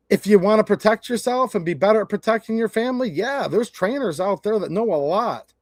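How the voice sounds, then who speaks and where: Man, high-pitched, blunt, folksy, chatty commentary, dry close sound. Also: no room sound. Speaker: channel host. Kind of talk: casual opinion commentary to camera.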